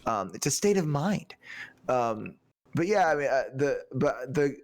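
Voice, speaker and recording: A man with a medium-pitched voice and big swings in pitch talks unhurriedly as co-host of a casual film review podcast. He speaks loosely, swears freely, and slips into mock accents.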